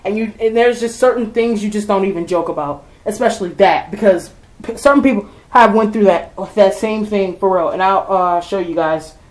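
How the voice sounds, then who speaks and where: A woman's voice: mid-range voice, normal speed, reverberant, rough recording. A woman ranting heatedly to her viewers, swearing and repeating herself as she vents. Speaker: vlogger. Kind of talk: angry rant to camera.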